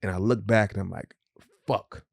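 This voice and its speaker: A middle-aged man tells a long personal story on a podcast, candid and a little profane, slipping into the voices of the people he quotes. His voice sits low, and the recording is close and dry, with no room sound. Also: fairly even intonation, normal speed, vocal fry, dry recording. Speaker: podcast co-host. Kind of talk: casual storytelling chat.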